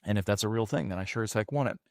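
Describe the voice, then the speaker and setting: Rambling man, low and dry. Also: racing, gravelly, darkish tone, no echo. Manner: rambling, frequent restarts and fillers. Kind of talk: casual storytelling.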